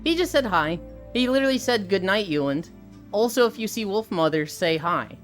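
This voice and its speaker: A woman hosts a live stream, chatting casually with a guest, swearing freely, greeting viewers, and reading chat aloud in an animated way. Her medium-pitched voice is brisk, with faint music behind.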